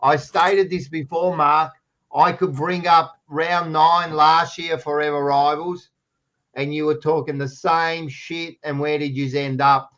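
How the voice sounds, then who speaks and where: A man's voice: fairly high pitch, fairly even intonation, measured pace, a bit bright, dull audio. An Australian man co-hosting a casual sports chat show, blunt and teasing, swearing freely. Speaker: co-host. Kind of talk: casual banter.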